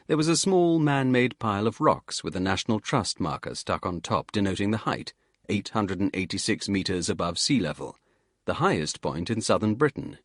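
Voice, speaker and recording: A man narrating an audiobook thriller in a measured, steady reading. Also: lowish voice, no room sound, studio quality. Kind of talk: scripted narration.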